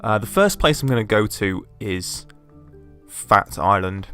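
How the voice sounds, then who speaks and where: A man talking through a video game playthrough in an easy, chatty way. His fairly low voice is loose and peppered with fillers. Faint game music runs behind him. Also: lively intonation, measured pace, fairly bright tone, clear, resonant tone. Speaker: let's play host. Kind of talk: casual game commentary.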